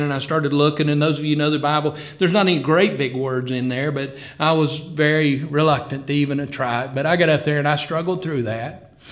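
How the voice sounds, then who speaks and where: A middle-aged man preaches his testimony in an earnest, heartfelt way. His voice sits slightly higher than most men's. He swells with fervor as the story builds. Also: fairly bright tone. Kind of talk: sermon testimony.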